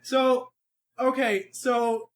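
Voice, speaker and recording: A man co-hosting a podcast, chatting casually in an animated, rambling way, with lots of swearing and restarts. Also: very high-pitched, drawn-out words, crowd noise. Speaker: podcast co-host reviewing an anime. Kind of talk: casual chat.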